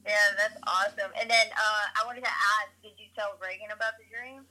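A woman's voice: mid-range voice, steady tone, a little fast, sharp tone. A woman guest on a podcast, chatting casually and laughing easily. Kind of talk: casual chat. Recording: tinny phone line.

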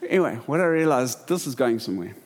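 A middle-aged man, preaching a sermon and telling stories in a lively way, his voice often jumping higher and faster. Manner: animated storyteller, jumps in pitch and speed. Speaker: pastor. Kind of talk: sermon with storytelling.

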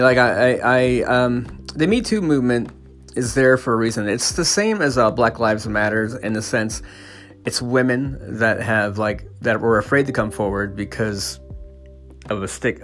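A man's voice: medium pitch, fairly bright tone. A man ranting casually as a podcast host, swearing and stumbling over restarts and fillers. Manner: profane, stammering restarts and fillers. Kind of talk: casual opinion rant.

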